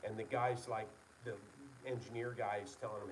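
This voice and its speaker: A man's voice: on the low side, little pitch movement, normal speed, distant mic, slight background noise, rough recording. A man, a licensed engineer, talking casually and earnestly to an online meeting, rambling and correcting himself as he goes. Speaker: licensed engineer presenting to his company's followers.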